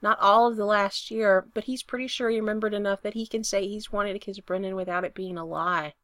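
A woman narrating a romance story aloud with an expressive, intimate reading. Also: medium pitch, brisk, dry recording, studio quality. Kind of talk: reading fan fiction aloud.

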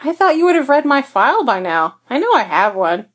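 Lady reading a sassy young woman, teasing and bubbly, voice up high. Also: very animated, a little fast, fairly bright tone. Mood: playful teasing. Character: young woman, sassy and playful office worker. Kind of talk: fan fiction audiobook reading.

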